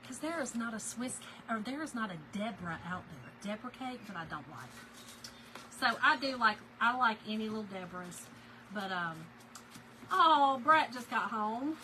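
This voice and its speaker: A woman's voice: a little high, expressive, normal speed, pushed and bright, slight background noise, low-quality recording. A middle-aged woman, chatting casually and laughing with live viewers while she crafts. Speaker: craft livestream host.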